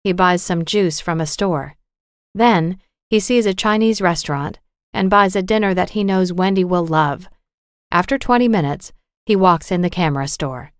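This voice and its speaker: A woman narrating a storybook for English learners with a clear, measured, carefully articulated reading. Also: fairly low pitch, dry recording, clean studio sound.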